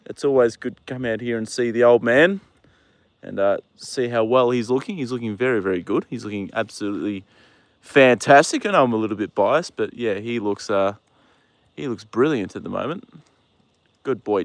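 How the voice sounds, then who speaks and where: A young man from New Zealand hosting a casual livestream outdoors at a horse paddock, chatting with viewers and cooing at his horse, relaxed and swearing now and then. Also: medium pitch, moderate pace, dry recording. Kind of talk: casual chat reading viewer comments.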